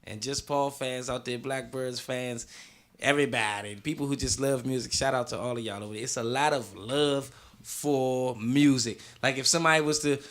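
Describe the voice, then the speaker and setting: Brief: young male singer from D.C., radio guest, easygoing and slangy, forceful bright tone. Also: mid-range voice. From Washington, D.C. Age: 20s. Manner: relaxed, laughs often, slangy. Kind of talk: casual radio chat.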